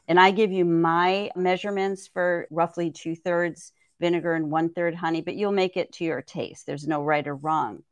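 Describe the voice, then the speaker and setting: A woman's voice: on the low side, steady tone, normal speed, few pauses, dry recording. A woman herbalist guest on a podcast, explaining things thoughtfully and often checking in with "right?". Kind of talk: conversational podcast interview.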